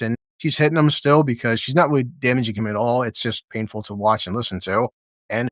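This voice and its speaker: A man's voice: mid-range voice, a little fast, fairly bright tone, dry recording. Male reviewer, mid-range voice, dry close sound, casual and foul-mouthed. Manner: blunt, swears a lot, re-enacts scenes in quoted voices. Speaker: TV episode reviewer. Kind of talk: casual profane reaction commentary.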